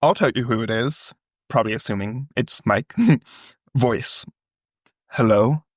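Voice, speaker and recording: A man's voice: mid-range voice, a little slow, no room sound, studio quality. A man co-hosting a podcast, reading a phone call transcript aloud and acting out the quoted lines. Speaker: podcast co-host.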